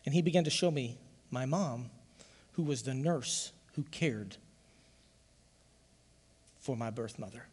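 A man preaching a sermon to his church, telling a personal testimony in an emotional, emphatic way that swells to loud emphasis. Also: mid-range voice, unhurried, pauses often, breathy edge, big-room sound. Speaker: pastor.

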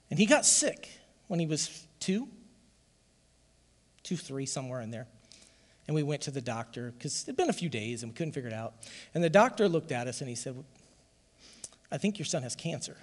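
A man preaching a sermon to his church, telling a personal testimony in an emotional, emphatic way that swells to loud emphasis. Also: on the high side, long reverb tail. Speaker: pastor.

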